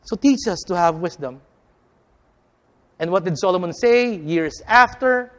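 A preacher in full sermon mode, talking straight to the congregation as friends. The delivery builds through repeated phrases and stressed words, then pulls back into quiet, slowed-down lines. Its earnest, rhythmic pulpit cadence carries from point to point. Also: mid-range voice, animated, in a large hall. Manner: addresses the listeners as friends.

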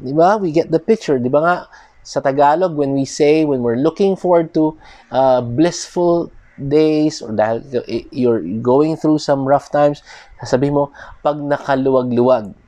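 Filipino man, pastor preaching, code-switching, warm tone, slightly high pitch, dry close mic. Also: normal speed, no room sound. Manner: mixes English and Tagalog, frequent "di ba" asides. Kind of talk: sermon.

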